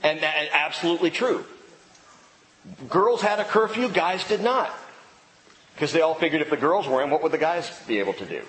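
A male pastor preaching with a lively, swooping delivery and a fairly high voice. He is playful and bursts into emphatic lines. The sound rings with long reverb under a faint room hum. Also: fairly quick, pauses often. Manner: animated, playful preaching with sudden emphatic outbursts. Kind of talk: sermon. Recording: reverberant hall with faint ambience.

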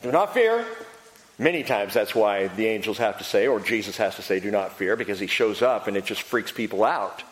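A man preaching a sermon, swinging between loud emphatic lines and hushed ones. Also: fairly low pitch, fairly even intonation, brisk, hardly any pauses. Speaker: pastor. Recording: long reverb of a large hall.

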